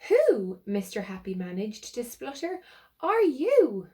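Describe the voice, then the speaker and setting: Woman doing cheery high-voiced Mister Happy. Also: animated, a little slow, a little mellow. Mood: startled. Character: cheerful round little storybook man.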